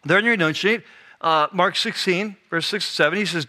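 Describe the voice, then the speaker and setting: A man preaching a sermon as a pastor, telling the story in a casual, animated way that drops to a hush for the serious moments. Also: high-pitched, moderate pace. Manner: conversational, animated storytelling with sudden hushed drops.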